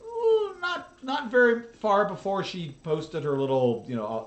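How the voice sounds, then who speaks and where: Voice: mid-range voice, big pitch swings, normal speed, echoey room. A streamer giving sarcastic, worked-up reaction commentary on a cooking video, swearing often.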